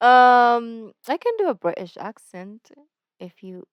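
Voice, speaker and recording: Chatty young woman, smooth and dry. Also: on the high side, expressive, takes it slowly, dry recording, highs cut off. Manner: chatty, self-conscious, giggly. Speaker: reaction video host. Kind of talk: casual reaction commentary.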